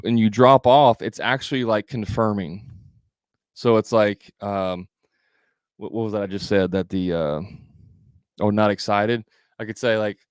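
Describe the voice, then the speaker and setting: Man, sales coach, smooth voice, dry close sound, chatty, repeats himself. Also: fairly low pitch, dry recording. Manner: conversational, repetitive, with fillers and restarts. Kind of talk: live sales training.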